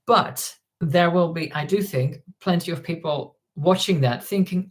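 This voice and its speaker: A woman's voice: sits low, normal speed. A woman hosting a casual livestream, rambling with plenty of ums and restarts as she reads out chat comments. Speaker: livestream host.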